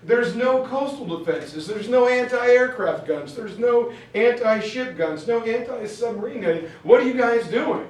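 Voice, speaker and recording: A man's voice: very high voice, lively intonation, unhurried, few pauses, darkish tone, voice pushed up. A man voicing a blunt, impatient male army general who scolds in a raised, emphatic voice. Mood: scolding. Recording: very echoey room, far from mic.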